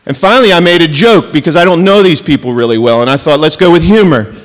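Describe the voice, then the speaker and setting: High-voiced man preaching in a reverberant hall. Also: animated. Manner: conversational storytelling with jokes and asides; emphatic, slows down to stress key words. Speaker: pastor. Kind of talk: sermon.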